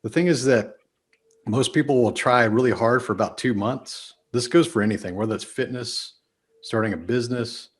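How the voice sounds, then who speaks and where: A man's voice: mid-range voice, normal speed, breathy edge. A man with a Texas accent, a podcast guest talking casually and emphatically, often shifting his speed and volume. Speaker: podcast guest, business speaker.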